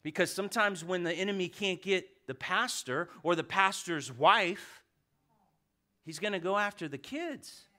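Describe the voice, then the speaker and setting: A middle-aged pastor preaching a sermon, asking the congregation questions and swinging between loud and hushed delivery. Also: male voice, sits high, expressive, unhurried.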